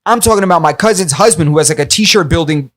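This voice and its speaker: A man tells a rambling story in a relaxed podcast chat, slightly high-pitched, full of swearing and filler words. He gets animated and acts out the people he quotes. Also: fast talker. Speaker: podcast co-host.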